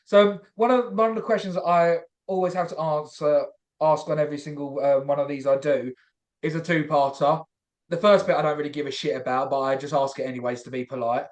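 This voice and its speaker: Male podcast host, slightly high voice, relaxed rambling questions. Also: fairly quick. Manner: relaxed, loose questions with fillers. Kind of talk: casual interview chat.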